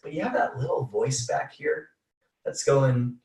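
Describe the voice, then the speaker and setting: A man giving an energetic motivational coaching talk, repeating phrases for emphasis. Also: medium pitch, a little slow, vocal fry, reverberant, recorded from a distance. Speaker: team call speaker.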